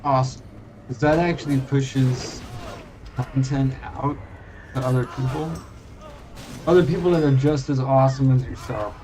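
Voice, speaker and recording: A man who streams games, chatting in a friendly, excitable way and swearing now and then. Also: mid-range voice, moderate pace, pauses often, slight background noise. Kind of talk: casual voice chat while gaming.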